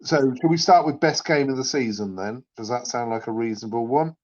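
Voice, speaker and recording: A man co-hosting a podcast in casual chat, relaxed and agreeable. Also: medium pitch, a little fast, dull audio. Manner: relaxed, agreeable, frequent short backchannels. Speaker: podcast co-host.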